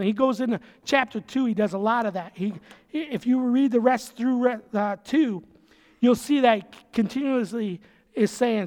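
A man's voice: very high voice, moderate pace. A man preaching a conversational sermon as a pastor, emphatic, repeating phrases and dropping casual asides. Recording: long reverb of a large hall.

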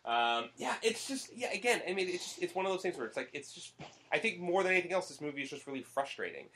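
A man's voice: high-pitched, very animated, fast talker, bright, forceful tone, a little hiss or hum. A man hosting a casual movie podcast, rambling and swearing, with lots of fillers. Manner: rambling, profane, full of fillers. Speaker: podcast host.

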